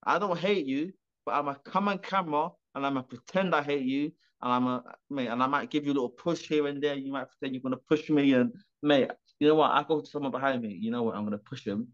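A man's voice: medium pitch, fast talker, fairly bright tone. A man, a professional boxer, talking animatedly and rambling with restarts and swearing in a remote interview. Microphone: video call. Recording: dull lo-fi video call audio.

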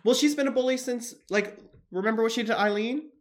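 A wry co-host chatting casually at an ordinary middle pitch. They crack dry jokes and reason things out aloud. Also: quick pace. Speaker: podcast co-host. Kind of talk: casual reality-TV recap chat.

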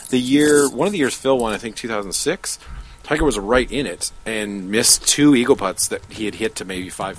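A man's voice: fairly low pitch, low-quality recording. A man appearing as a podcast guest who talks casually and rambles, thinking aloud with many fillers and restarts. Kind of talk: casual chat.

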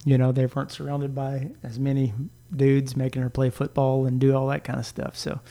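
A man's voice: medium pitch, monotone, brisk, vocal fry, mellow. A man in his thirties co-hosting a podcast, talking in a laid-back, rambling way and laughing often. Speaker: podcast co-host. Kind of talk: casual chat.

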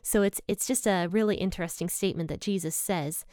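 A woman's voice: on the low side, a little fast, darkish tone, dry recording, studio quality. A woman teaching from the Bible in a casual, personal, earnest way. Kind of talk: casual devotional talk.

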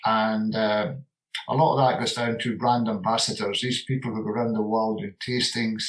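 A man's voice: lowish voice, flat delivery, moderate pace, poor audio. A man in his sixties, a retiring distillery manager, talking in a rambling, heartfelt way and repeating words for emphasis. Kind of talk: relaxed interview conversation.

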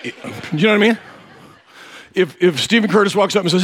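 A man's voice: high voice, fairly quick, a bit bright. A male pastor preaching in a conversational way, telling a funny, self-deprecating story and often asking listeners directly if they follow. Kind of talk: conversational sermon.

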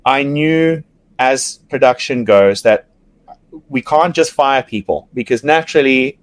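Man, guest on a chat show, animated storyteller, laughs a lot, restarts sentences, dry close sound. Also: mid-range voice, measured pace, no room sound. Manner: animated, laughs often, swears, many restarts. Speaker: podcast guest, reality TV yacht crew member.

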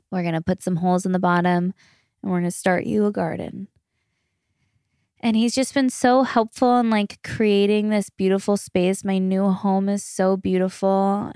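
A woman's voice: medium pitch, darkish tone, clean tone, no room sound, clean studio sound. Gushing chatty woman podcast host. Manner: chatty, gushing, laughs often; swears casually. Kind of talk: casual solo podcast chat.

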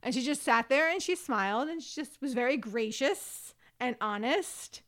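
A woman with a fairly high voice talks through a reality show recap in loose, chatty podcast banter. She is wry and quick to laugh, pausing to hunt for the right word. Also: animated, a bit bright. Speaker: podcast co-host. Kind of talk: casual reality TV recap chat.

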